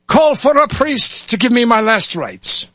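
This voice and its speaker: A man's voice: extremely high pitch, sing-song, a little slow, pushed and bright, dry recording, voice pushed up, heavily acted. A man voicing a dying young lad who pleads. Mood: pleading.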